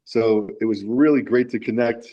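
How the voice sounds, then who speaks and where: A man's voice: medium pitch, moderate pace, mellow, highs cut off. A man being interviewed about his music, telling a long, rambling anecdote with many restarts. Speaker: musician guest. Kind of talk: casual interview storytelling.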